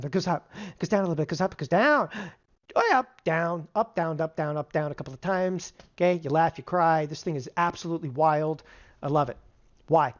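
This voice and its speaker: A man teaching an online trading seminar, animated, constantly asking rhetorical questions and answering them himself. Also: high-pitched, lo-fi sound. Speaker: options trading instructor. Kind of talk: energetic online seminar lecture.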